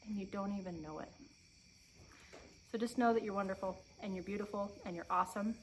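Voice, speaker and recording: A woman in her thirties sits outside on her farm and talks openly to her viewers. She is emotional and close to tears, but stays earnest and encouraging, pausing and starting over as she goes. Crickets and insects sound faintly in the background. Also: medium pitch, steady tone, poor audio. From Oregon. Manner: earnest, encouraging, pauses and restarts often. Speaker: homestead vlogger. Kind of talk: heartfelt sit-down chat to camera. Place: outdoors on a farm. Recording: faint outdoor insect noise.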